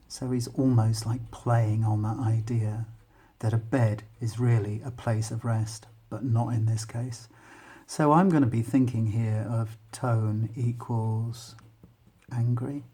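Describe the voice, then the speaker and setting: A man with an English accent, talking students through a poem and thinking aloud in an unhurried, explanatory way. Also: mid-range voice, warm tone, slightly rough. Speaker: English teacher.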